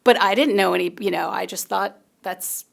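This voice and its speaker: A middle-aged woman from Long Island, a genealogist being interviewed in a TV studio, telling stories in a chatty, animated way with plenty of fillers. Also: mid-range voice, normal speed, gravelly. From Long Island, New York. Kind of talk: casual conversational interview. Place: TV news studio.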